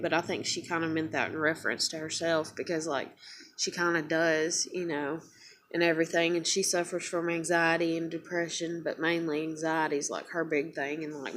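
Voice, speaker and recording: A woman's voice: lowish voice, fairly bright tone, a little hiss or hum. A woman talking straight to camera in a casual confessional vlog, venting in a worn-out way, swearing often and restarting her sentences. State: weary, emotionally worn down. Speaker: vlogger.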